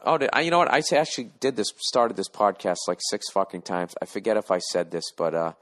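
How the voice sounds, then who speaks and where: A man in his forties hosting a solo podcast from home, rambling and ranting in a profane, sardonic way. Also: low voice. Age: 40s. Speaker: podcast host. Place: lying down at home.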